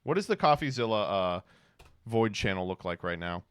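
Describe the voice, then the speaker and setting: Sarcastic streamer man, lively voice. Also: lowish voice, moderate pace, smooth, no echo. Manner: sarcastic, mocking impressions. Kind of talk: casual commentary.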